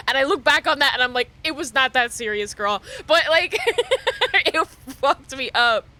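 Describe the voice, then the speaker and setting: A young woman streamer chatting casually with her viewers, animated, laughing often and swearing freely. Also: fairly high pitch.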